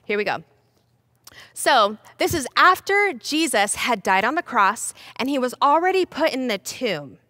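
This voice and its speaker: Young woman, kids church teacher, high voice, playful and animated, dry close sound. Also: unhurried, dry recording. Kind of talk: children's Bible lesson storytelling.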